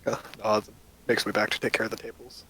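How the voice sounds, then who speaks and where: A man narrating as game master in a loose, relaxed storytelling manner. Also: lowish voice, fast, a little hiss or hum, rough recording.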